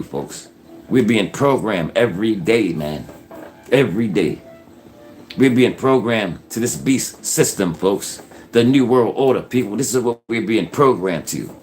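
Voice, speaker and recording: Deep-voiced male channel host, earnest warnings, repeats himself a lot. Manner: earnest, repetitive, keeps saying "folks". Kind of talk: casual preachy commentary.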